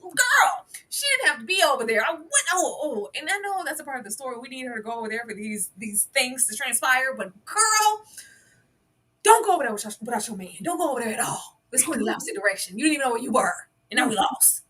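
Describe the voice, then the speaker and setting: A woman co-hosting a TV review show in casual chat, lively and emphatic, playfully scolding the characters. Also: high-pitched, fast talker, breathy edge.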